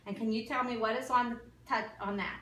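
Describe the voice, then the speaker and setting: A woman's voice: on the high side, steady tone, fairly quick, fairly bright tone, slight background noise. Woman giving step-by-step exam instructions. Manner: instructive, step-by-step, stumbles on medical terms. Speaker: nursing student performing an exam. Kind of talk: demonstration of a clinical exam. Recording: echoey room, mic far off.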